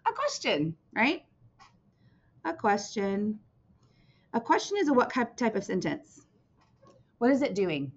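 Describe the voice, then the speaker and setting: A woman teaching young children in a lively, sing-song voice that swoops up and down, often pausing to ask "right?" or "okay?". The recording is dull and lo-fi. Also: on the high side.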